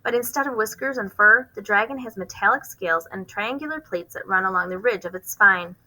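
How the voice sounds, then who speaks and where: A woman reading a children's novel aloud, expressive, with occasional stumbles and rereads. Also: mid-range voice, fairly quick, poor audio. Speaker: reader hosting a book channel.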